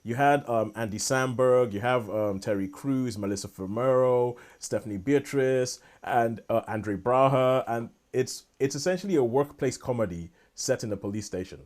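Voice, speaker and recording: Male podcast co-host, mid-pitch, rambling and eager, trips over his own sentences. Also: moderate pace, few pauses, a little mellow. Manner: rambling, restarts sentences often. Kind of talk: casual chat.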